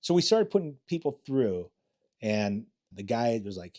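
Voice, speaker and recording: A man's voice: medium pitch, very animated, unhurried, a little mellow. An older man, a retired police detective, telling rambling, profane stories in a casual interview, often restarting his sentences.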